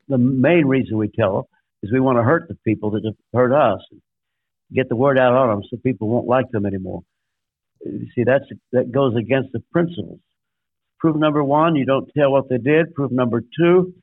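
A man's voice: mid-range voice, moderate pace, no room sound. An older man, a guest pastor, telling a story in a sermon-like way, making emphatic numbered points and acting out quotes. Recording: dry, tinny phone-like line.

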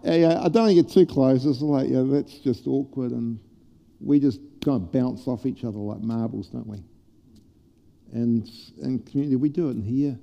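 A man preaching a sermon to a congregation, playful and lively at first and then quiet and prayerful. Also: medium pitch, normal speed, creaky, long reverb tail. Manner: animated, humorous preaching that turns soft and prayerful. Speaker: pastor. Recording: dull lo-fi church sermon recording.

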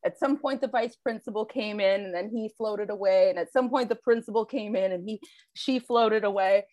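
A woman's voice: mid-range voice, moderate pace, a little mellow, no echo. A woman co-hosting a casual chat, telling candid, self-deprecating stories about parenting with plenty of swearing. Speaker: podcast co-host, parent.

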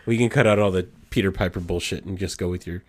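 A man's voice: sits low, fairly even intonation, quick pace, darkish tone. A man around his thirties co-hosting a podcast, chatting casually, teasing his friend and gushing with pride. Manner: playful teasing, gushing and emotional. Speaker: podcast co-host. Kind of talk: casual chat.

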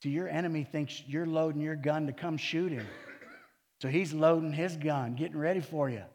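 Animated male preacher in a reverberant hall. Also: a little high, normal speed. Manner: animated storytelling, acting out quotes with big swings in loudness. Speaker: pastor. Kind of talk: sermon. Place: church. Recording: long reverb of a church hall.

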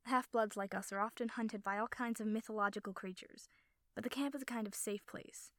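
A woman voicing a guarded eighteen-year-old young man who speaks quietly and reluctantly. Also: high-pitched, steady tone, brisk, no room sound, clean studio sound.

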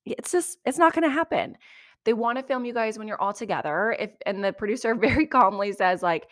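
A woman hosting a podcast, giving a chatty, animated recap of reality TV with lots of asides. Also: a little high, brisk, no echo, studio quality. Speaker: podcast host.

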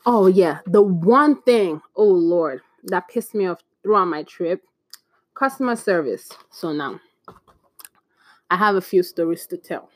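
A young woman in casual storytime chat, chatty and animated, acting out bits of dialogue with exclamations. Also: on the low side, a little slow, dry recording. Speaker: vlogger.

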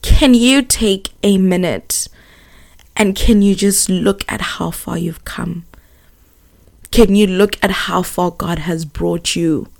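A young woman voicing her gentle, patient grandmother, speaking in a soft, soothing, reassuring way. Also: on the low side, slow, gravelly. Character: gentle, patient older grandmother giving comfort.

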